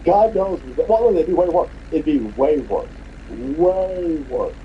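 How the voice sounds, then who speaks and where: A man's voice: a little high, lively intonation, slow pace, lo-fi sound, slight background noise. A man hosting a podcast, delivering an angry, profane, mocking political rant. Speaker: podcast host.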